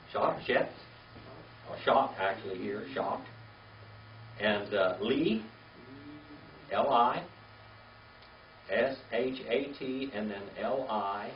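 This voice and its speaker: An older man teaching a classroom Hebrew reading lesson, patient and slow, spelling words out letter by letter. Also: medium pitch, slight background noise. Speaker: Bible language teacher. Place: classroom with a small group. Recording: echoey, distant, dull lo-fi room recording.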